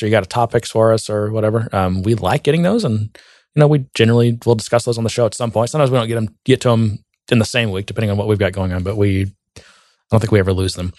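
A man's voice: lowish voice, darkish tone, no room sound. Chatty podcast co-host man, dry mic. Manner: chatty, jokey, restarts sentences. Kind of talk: casual podcast chat.

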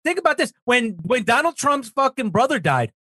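A man's voice: extremely high pitch, sing-song, normal speed, sharp tone, husky, no echo, clean studio sound. A man on a political talk show, ranting heatedly and swearing emphatically.

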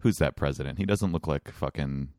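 Very deep-voiced man, casual podcast chat. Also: brisk, darkish tone, no room sound, studio quality. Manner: rambling, joking storyteller. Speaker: podcast co-host.

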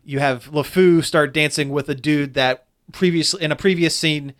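A man chats casually about a film he has seen, his voice sitting a little high. He rambles, restarting sentences and hunting for words as he goes. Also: moderate pace, a bit bright. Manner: rambling, frequent restarts and fillers. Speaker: movie reviewer. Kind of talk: casual chat.

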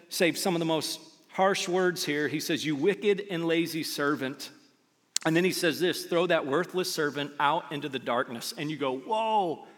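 A man preaching a sermon as a pastor, speaking in a conversational, animated storytelling way with acted quotes. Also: a little high, long reverb tail. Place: church auditorium.

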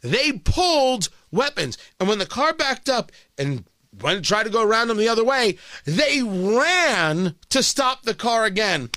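A man's voice: high-pitched, sing-song, moderate pace, bright, forceful tone, no room sound. A man hosting a talk radio show, delivering an emphatic, sarcastic monologue that hammers points through repetition, from a studio microphone. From Indianapolis. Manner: emphatic, sarcastic, repeats phrases for punch.

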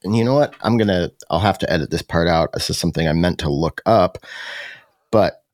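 A man's voice: low-pitched, a little fast, no echo, studio quality. A man hosting a podcast, talking casually with lots of fillers and restarts. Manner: chatty, many fillers and restarts. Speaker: podcast host.

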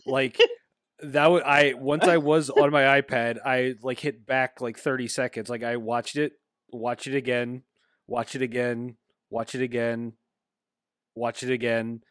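Hesitant podcast co-host, dry close sound. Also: male voice, mid-range voice, flat delivery, unhurried, a bit bright, no room sound. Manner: hesitant, many ums, building to emphatic bursts. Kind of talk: casual chat.

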